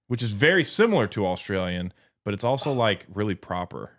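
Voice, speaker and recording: Rambling Texan man, low voice. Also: very animated, a little fast. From Texas. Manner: rambling storyteller, lots of filler words. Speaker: podcast co-host. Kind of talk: casual chat.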